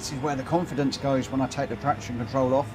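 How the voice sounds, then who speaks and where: A UK gaming streamer plays a racing game live from his indoor home setup, chatting casually, talking to himself and mocking his own mistakes. His mid-range voice stays steady and quick over a noisy background.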